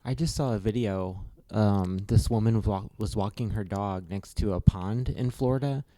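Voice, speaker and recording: A man's voice: fairly low pitch, normal speed, dark tone, no room sound. A man co-hosting a casual podcast, answering in a laid-back way with short replies and easy laughs. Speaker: podcast co-host. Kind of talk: casual chat.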